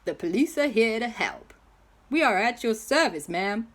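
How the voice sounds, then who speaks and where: A woman voicing a keen male police officer who speaks loudly and formally in a toy story. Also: on the high side, animated, moderate pace. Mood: eager.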